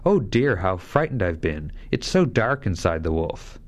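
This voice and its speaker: Polite, earnest fairy-tale girl, read by a low-voiced male narrator. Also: sing-song, measured pace. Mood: wondering. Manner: earnest, trusting. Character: innocent, polite young girl.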